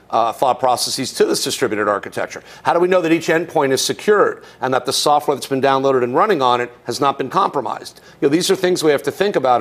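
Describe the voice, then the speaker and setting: A man teaching a recorded course, explaining in a conversational way, posing rhetorical questions and dropping casual asides. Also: mid-range voice. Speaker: instructor. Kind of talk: conversational tech lecture.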